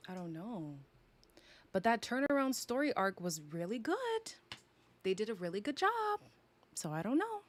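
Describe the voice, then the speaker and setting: A young woman from Canada speaks at normal speed in a fairly high, sing-song voice. She live-streams a casual reality show review, playing it sassy, dramatic, and teasing while laughing often.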